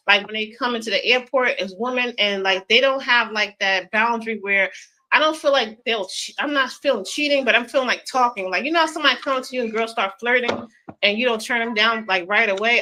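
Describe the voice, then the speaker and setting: A woman's voice: a little high, sharp tone, rough recording. A woman giving a casual tarot reading in a chatty, informal way. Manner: giggly, keeps breaking into laughter and apologizing; chatty, informal speech with fillers. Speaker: tarot reader.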